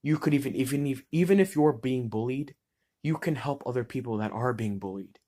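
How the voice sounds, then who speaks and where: A man's voice: mid-range voice, fairly quick, mellow. A teenage boy in eleventh grade talking straight to camera about being bullied, blunt and heated, swearing freely and restarting words mid-sentence. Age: teens. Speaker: student vlogger. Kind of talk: impassioned personal monologue.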